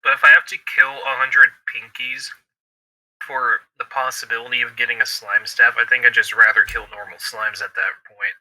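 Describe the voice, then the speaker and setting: A man's voice: mid-range voice, little pitch movement, moderate pace, pushed and bright, low-quality recording. A young man on a casual podcast, speaking bluntly and matter-of-factly. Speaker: podcast co-host. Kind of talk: casual chat.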